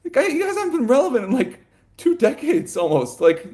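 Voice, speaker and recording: A man co-hosting a sports podcast, talking in a loose, animated ramble full of "like" and "you know" and quick laughs. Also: very high voice. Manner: laughs often mid-sentence. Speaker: podcast co-host. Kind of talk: casual sports chat.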